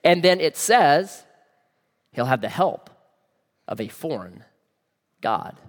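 A man's voice: a little high, very animated, slow pace, long reverb tail. A man preaching a sermon in a conversational way, often asking his listeners questions. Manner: conversational, asks the audience questions. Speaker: pastor.

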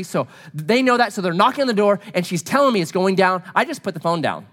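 A married man telling a personal story in a sermon to a gathering. He speaks earnestly, dropping to hushed low tones and then building to emphatic pleas. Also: expressive, fast, few pauses. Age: adult, married.

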